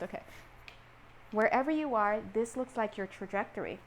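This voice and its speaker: A woman giving a casual tarot reading, animated and playful, acting out little scenes and laughing often. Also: mid-range voice, normal speed, pauses often. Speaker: tarot reader.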